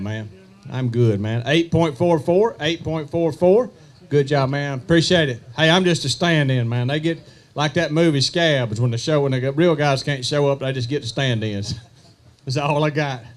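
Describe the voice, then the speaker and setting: A man emceeing an outdoor fishing tournament weigh-in, joking with anglers and calling out weights slowly. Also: on the high side. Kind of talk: live weigh-in announcing with banter.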